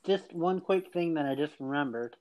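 A man co-hosting a podcast, talking casually and haltingly as he searches for words. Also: a little high, darkish tone. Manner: halting, many fillers and restarts. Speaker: podcast co-host. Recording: dull lo-fi sound.

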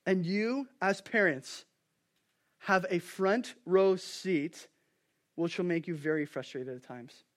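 Preacher, male, 30s, high-pitched, energetic sermon delivery with big dynamic swings. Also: slow. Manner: animated storytelling, swings from hushed to loud. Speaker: pastor.

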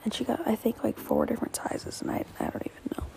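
Gravelly teen girl rambling softly. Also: fairly high pitch, fairly even intonation, quick pace, a little hiss or hum, poor audio. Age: teens. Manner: rambling, many fillers, often dropping to a whisper. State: tearful. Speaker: podcast host. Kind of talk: solo podcast chat.

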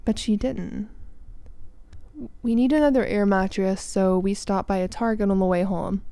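A woman's voice: medium pitch, steady tone, moderate pace, dark tone, smooth, no echo. A young woman hosting a podcast, telling a personal story in a candid, present-tense way. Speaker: podcast host. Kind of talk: storytelling narration.

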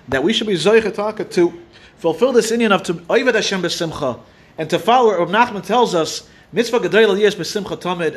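High-voiced man giving an earnest sermon. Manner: earnest, storytelling, sprinkled with Hebrew and Yiddish terms. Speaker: rabbi giving a Torah talk. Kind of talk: sermon with a story.

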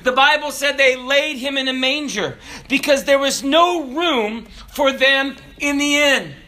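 A man in his forties delivers an animated sermon with a very high, bright voice. He swings from shouted declarations down to low, quiet asides. His tone stays ringing and forward throughout. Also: measured pace. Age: 40s. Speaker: pastor.

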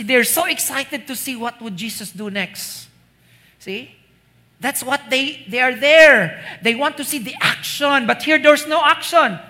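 A preacher with a Filipino accent delivers a sermon at an unhurried, drawn-out pace. The voice is bright and clear. The delivery feels like talking with the congregation, full of "you know?" and "see?", with Cebuano phrases mixed in. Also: high-pitched. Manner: slips into Cebuano asides.

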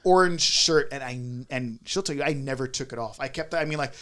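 A man's voice: mid-range voice, brisk, a crowd in the background. A man co-hosting a podcast, telling a candid, rambling confessional story in casual chat. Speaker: podcast co-host.

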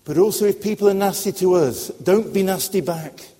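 A man delivers a sermon to young people, earnest and a little halting as he searches for words. His voice is mellow and warm, and a long echo of a hall trails after it. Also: high-pitched. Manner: earnest, hesitant with fillers. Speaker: preacher. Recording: echoey hall.

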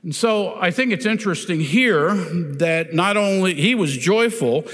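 Slow, deliberate man preaching in a reverberant hall. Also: high voice, lively intonation, a bit bright. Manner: deliberate and emphatic, often saying "notice". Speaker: pastor. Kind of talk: sermon. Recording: long reverb of a large hall.

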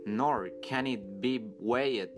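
A man's voice: mid-range voice, slow, lightly acted. A man voicing a wistful lyrical songbird. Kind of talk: storybook reading with music. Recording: music playing underneath.

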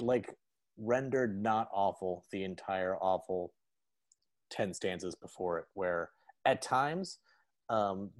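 A man's voice: low voice, dry recording. Rambling man in casual podcast chat. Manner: rambling, full of "like" and laughter. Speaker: podcast co-host.

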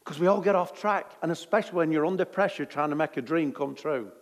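A man's voice: a little high, fast, in a large hall. A man preaching a sermon in a jokey, conversational way.

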